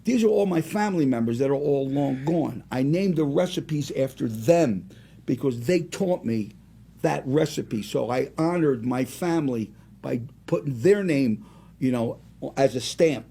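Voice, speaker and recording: A man around seventy, a singer and restaurant owner, telling rambling, animated stories as a guest in a casual interview. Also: mid-range voice, measured pace, gravelly, slightly rough. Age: about 70.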